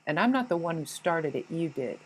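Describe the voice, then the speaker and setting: A woman's voice: sits low, expressive, fairly quick, husky, poor audio. A woman voicing a petty, defensive inner ego that blames everyone else, whiny and indignant, with swearing. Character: petty defensive ego voice, self-pitying, blaming others.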